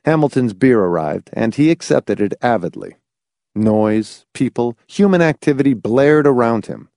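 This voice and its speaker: A male narrator reads a novel aloud with expressive storytelling, his pitch moving in animated swings. The sound is dry and close, with no room around it. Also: normal speed, creaky, no room sound. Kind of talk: audiobook narration.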